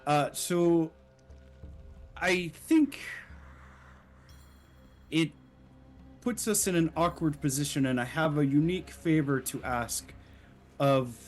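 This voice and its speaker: A man's voice: a little high, takes it slowly, pauses often, faint music behind. A man doing a doting old granny who calls everyone dear. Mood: earnest. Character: fussy caring old grandmother healer.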